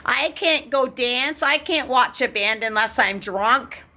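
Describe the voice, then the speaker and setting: A woman voicing a snide gossiping party woman in a drawn-out, mocking sing-song. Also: sits high, pushed and bright, pitched above the performer's own voice, heavily acted. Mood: sneering gossip. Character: snide gossiping middle-aged party women.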